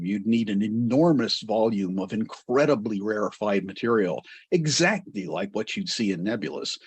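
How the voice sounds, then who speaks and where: A man's voice: lowish voice, breathy edge, no room sound. A man giving an astronomy history lecture to a club, digressive and full of wry asides.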